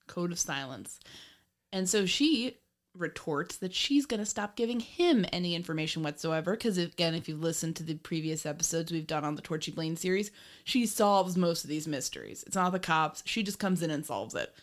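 A woman's voice: lowish voice, animated, moderate pace. Chatty, laughing woman podcaster. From Ireland. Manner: chatty, laughs often, swears casually. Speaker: podcast co-host. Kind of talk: casual film discussion podcast.

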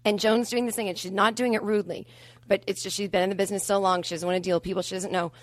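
A woman comedian telling a long story in a casual chat, animated and acting out the other people's lines. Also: mid-range voice, racing, dry recording. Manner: animated, acts out quoted voices. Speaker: comedian guest.

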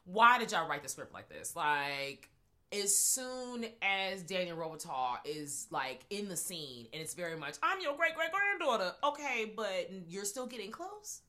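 Lively, bright-voiced woman podcast co-host. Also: on the low side, unhurried. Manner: profane, animated, cackling. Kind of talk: casual chat.

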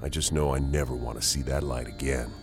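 A man's voice: very deep voice, steady tone, a little fast, music in the background. A man narrating a first-person paranormal story with a tense, dramatic delivery.

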